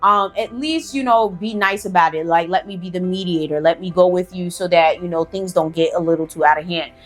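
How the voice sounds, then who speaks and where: A woman voicing a sweet, giddy older male shopkeeper who is kindly and religious, excited and pleading. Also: fairly low pitch, fairly quick, faint music behind, close to an everyday voice.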